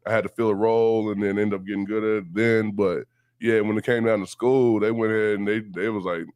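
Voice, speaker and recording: A guest from Houston, Texas, with a Southern accent tells stories in a laid-back, profane interview chat in a radio station studio, laughing often. His voice is on the low side, a little mellow, and fairly even in intonation, moving a little fast with a clean tone and no echo.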